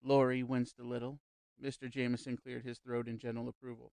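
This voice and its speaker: Male narrator for a classic novel audiobook: mid-pitched, measured, even storytelling, dry close mic. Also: no echo. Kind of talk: scripted narration.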